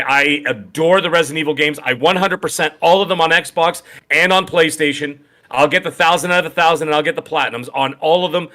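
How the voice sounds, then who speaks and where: A man from Canada co-hosts a podcast in casual chat. His voice sits a little high and sounds bright and forceful. He rambles cheerfully and cracks jokes as he talks. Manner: upbeat, jokey, rambling enthusiasm. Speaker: podcast co-host.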